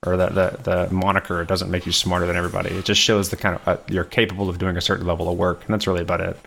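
A man's voice: sits low, monotone, rapid-fire, vocal fry, fairly bright tone, a little hiss or hum. A man hosting a podcast, bantering in a dry, self-mocking way. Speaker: podcast host. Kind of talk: casual chat.

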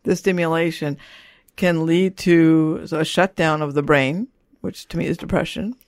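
A woman's voice: low-pitched, steady tone, unhurried, no echo, clean studio sound. A middle-aged woman, an author and parent, talking casually in an interview with a rambling manner that keeps checking in with "you know" and "right?".

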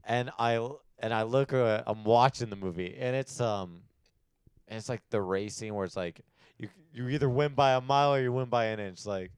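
A young man chatting casually as a podcast co-host, telling animated stories with lots of fillers. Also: medium pitch, moderate pace, clean tone, dry recording. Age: young adult. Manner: animated storytelling with many fillers. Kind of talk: casual chat.

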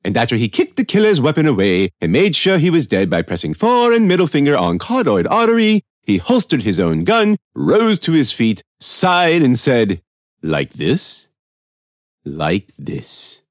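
A man's voice: mid-range voice, no echo, studio quality. A man narrating a first-person story in a pompous, fussy and florid manner, doing the characters' voices.

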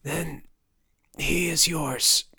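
A man voicing a badly burned, dying father with a rasping, breathy whisper, in an audiobook. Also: a little high, steady tone, extremely slow, sharp tone, no echo, voice pushed up, heavily acted.

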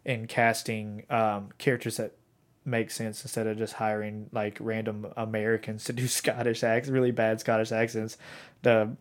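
Here a man co-hosts a podcast, rambling through casual talk full of fillers and false starts; he's in his thirties. His voice sits on the low side, with a level tone and moderate pace.

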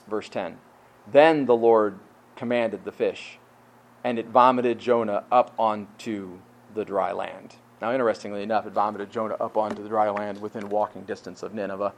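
A male pastor delivers a conversational sermon in a lowish voice, frequently repeating words and posing rhetorical questions. His volume falls from full to quiet, and the audio quality is poor.

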